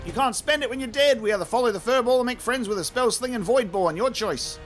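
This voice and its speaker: A man voicing a greedy, grumbling male sky pirate who talks in rough slang while playing a video game. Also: very high-pitched, quick pace, faint music behind, pitched above the performer's own voice. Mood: brash, grumbling.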